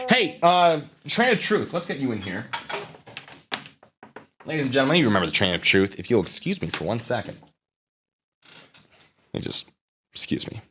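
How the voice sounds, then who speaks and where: An animated man talks on his live stream in a mid-pitched voice that swings widely up and down. He is sarcastic and casual, reading chat messages aloud between remarks. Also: normal speed, long pauses, faint music behind.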